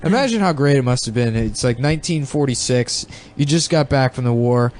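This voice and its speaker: A man hosting a casual comedy podcast, riffing crudely in fast, rambling bursts. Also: mid-range voice, lively intonation, a little mellow, slight background noise. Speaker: podcast host.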